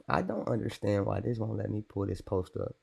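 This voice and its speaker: Young male streamer, lowish voice, loose rambling commentary with an irritated edge. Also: vocal fry, darkish tone, breathy edge. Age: young adult. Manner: rambling, irritated, talks to chat. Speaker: livestreamer. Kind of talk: casual livestream commentary.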